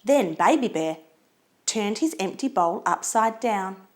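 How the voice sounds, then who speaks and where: A woman reading a children's storybook aloud in an expressive, lilting way. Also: medium pitch, slow pace.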